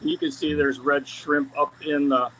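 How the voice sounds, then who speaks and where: Over a noisy crowd and poor audio, a slightly high-pitched man speaks unhurriedly with fairly even intonation. He breeds fish and is touring his tanks in an indoor fish room, chatting casually on a live video call through the camera mic while rambling, restarting, and saying um a lot.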